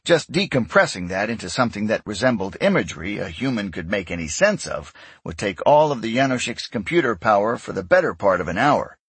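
A man reads a novel aloud in a steady, measured way, his voice husky with a lively rise and fall in pitch. The sound is close and completely dry. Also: dry recording. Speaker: audiobook narrator. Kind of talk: scripted narration.

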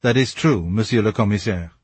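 A man's voice: on the low side, brisk, a little mellow, slightly rough, dry recording. A man voicing an impatient, anxious young nobleman who gives short, clipped replies.

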